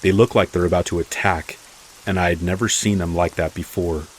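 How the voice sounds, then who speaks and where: Deep-voiced man narrating horror. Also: fairly even intonation, brisk, slight background noise, low-quality recording. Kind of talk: scripted first-person horror narration. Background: rain.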